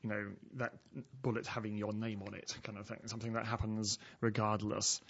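A man's voice: on the low side, monotone, fairly quick, creaky, a bit bright. A man talking theology in a casual podcast, wry and hesitant, often repeating words. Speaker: theologian guest. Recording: dull lo-fi sound.

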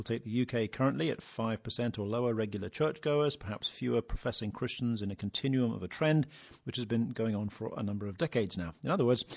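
A man hosting a casual podcast, relaxed and chuckling, reading out listener questions. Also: medium pitch, breathy edge, no room sound. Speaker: podcast host. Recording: dull lo-fi sound.

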